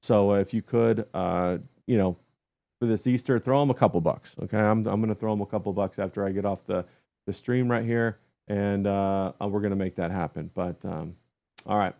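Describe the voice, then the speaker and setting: Low-voiced man hosting a livestream. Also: steady tone, moderate pace, creaky, mellow. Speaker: livestream host. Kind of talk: casual livestream chat.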